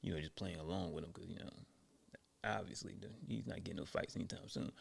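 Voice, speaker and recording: A man tells a story casually, in a loose, conversational way full of asides. His voice is low, gravelly and husky. It sounds close and dry. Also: fast talker.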